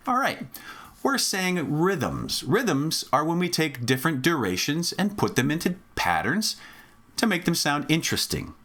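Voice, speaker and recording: A man's voice: fairly high pitch, sing-song, normal speed, bright, forceful tone. A man teaching a children's music lesson on rhythm, patient and encouraging, counting off and chanting along.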